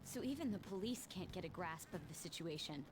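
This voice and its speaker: An actress playing a stern teenage student council president in a video game, cool and commanding. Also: female voice, lowish voice, expressive, a little fast, close to an everyday voice, low-quality recording. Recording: game audio with music behind.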